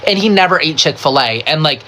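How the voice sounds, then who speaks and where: A woman telling a storytime while getting ready, gossipy and animated, swearing freely and packing every sentence with "like". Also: deep voice, a little fast, a little hiss or hum. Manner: animated and profane, full of "like" fillers; gossipy, talks straight to the viewer with "girl" and "baby". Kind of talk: casual get-ready-with-me storytime.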